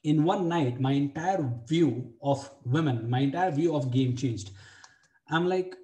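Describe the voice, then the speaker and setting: Young man, slightly high voice, blunt, profane storytelling, echoey room. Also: unhurried, mellow. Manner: blunt, profane, repeats phrases for emphasis. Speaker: dating coach. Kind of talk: personal story for a webinar.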